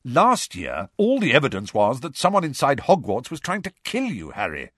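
A brisk, frank adult wizard with a wry, impatient streak, as a man reads him in an audiobook. The voice sits low but swings widely in pitch. It is recorded dry and close. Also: lively intonation, a bit bright, no room sound. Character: adult male wizard, wry, bold, fond godfather. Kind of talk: audiobook character voice.

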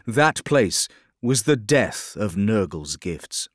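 A man reading a grim dark fantasy story in a steady, measured narration. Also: on the low side, no echo, studio quality. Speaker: audiobook narrator. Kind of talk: scripted narration.

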